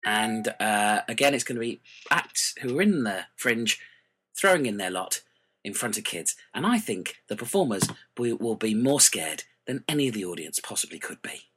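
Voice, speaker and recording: A man co-hosting a comedy podcast, lively and joking. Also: on the low side, normal speed, husky. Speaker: podcast host.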